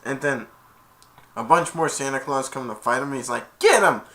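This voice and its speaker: A young man, an amateur reviewer, excitedly retells a movie scene by scene and acts out the characters' lines. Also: medium pitch, moderate pace, noisy background.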